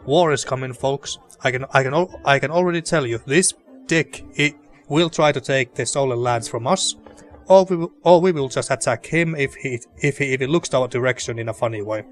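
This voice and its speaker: A man talks through his let's play in a chatty, joking way and trips over his own sentences as he goes. His voice sits at an ordinary middle pitch. Faint game music hums in the background. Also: a little fast. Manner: chatty, joking, frequent restarts. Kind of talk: casual gameplay commentary.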